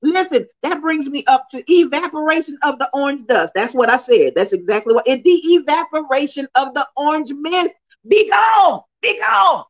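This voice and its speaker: Brief: high-voiced middle-aged woman hosting a phone livestream, preachy and exclaiming, muffled phone sound. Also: a little fast, hardly any pauses. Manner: preachy and animated, calling out and exclaiming. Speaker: livestream host. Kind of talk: casual live-stream commentary. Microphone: phone propped up.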